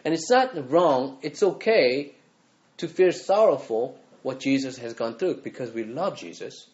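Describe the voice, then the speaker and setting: Male pastor, earnest conversational sermon, middle pitch, slightly muffled lo-fi sound. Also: lively intonation, unhurried, darkish tone. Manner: earnest, conversational preaching with acted quotes.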